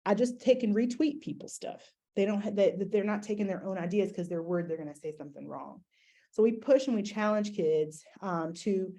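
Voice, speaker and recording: Mellow-voiced woman giving an educator's talk. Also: medium pitch, fairly quick. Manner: conversational, many fillers and restarts. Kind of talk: conference talk presentation.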